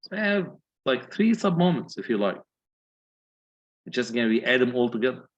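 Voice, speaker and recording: Husky-voiced man giving an engineering lecture. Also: mid-range voice, big pitch swings, moderate pace, dull audio. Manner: methodical, asks the class questions. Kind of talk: university lecture, working through calculations.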